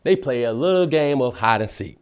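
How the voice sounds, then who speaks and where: A man in his thirties with a Southern American accent, hosting a podcast and telling a profane, animated story, laughing often. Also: medium pitch, a little fast, clean tone. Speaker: podcast host. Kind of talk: casual storytelling.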